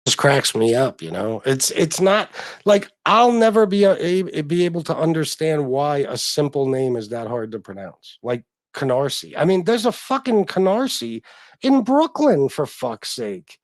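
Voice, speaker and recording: A man's voice: a little high, very animated, moderate pace, no room sound. A man, chatting casually on a livestream as host, swearing freely and answering viewers.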